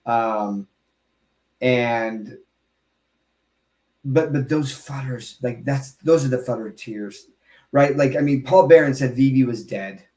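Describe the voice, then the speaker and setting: A man hosts a casual podcast chat and talks with a lot of emphasis, breaking off into quick asides and restarting his sentences. His voice sits in a middle range, and the room around him sounds noticeably echoey. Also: mid-range voice, mellow. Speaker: podcast host.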